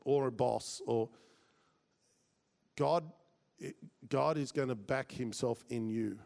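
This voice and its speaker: A man giving a talk to a business group, telling a story and acting out what people said with lively swings in his voice. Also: creaky. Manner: animated, acts out quoted voices with big pitch jumps. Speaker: speaker at a business mastermind.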